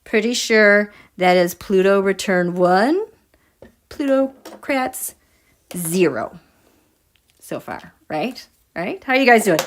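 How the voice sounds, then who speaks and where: A woman hosts a casual tarot and astrology livestream, speaking straight to her viewers. She is animated and emphatic, and her pitch swings widely as she reads out their comments. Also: takes it slowly, pauses often, a little hiss or hum.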